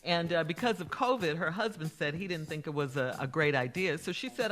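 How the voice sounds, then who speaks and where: A woman co-hosting morning radio, recapping a listener's letter and prompting the others for their take. Her voice is bright and clear, she laughs readily, and soft music runs behind her. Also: deep voice, a little fast, few pauses. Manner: laughs often, prompts co-hosts.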